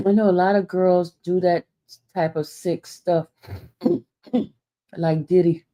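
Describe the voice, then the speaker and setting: A woman's voice: fairly low pitch, steady tone, takes it slowly, warm tone. A woman hosting a casual live stream, chatting straight to her viewers and reading their comments aloud. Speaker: livestream host.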